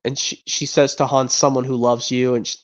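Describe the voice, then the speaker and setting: Man, streamer, casual rambling talk, repeats himself, mid-pitched, muffled lo-fi sound. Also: flat delivery, fairly quick. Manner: rambling, restarts and repeats words. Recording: dull lo-fi sound.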